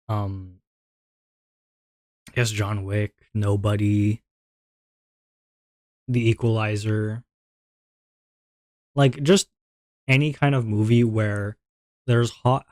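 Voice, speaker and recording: A man streaming from home, thinking out loud in a rambling way with many fillers and restarts, and a little out of breath. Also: medium pitch, no room sound, studio quality. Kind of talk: casual stream chat.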